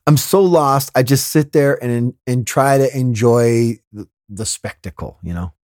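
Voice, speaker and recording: A man hosting a podcast, telling a comedic story in an exasperated, animated way with laughing asides. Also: mid-range voice, unhurried, no echo, clean studio sound. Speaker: podcast host.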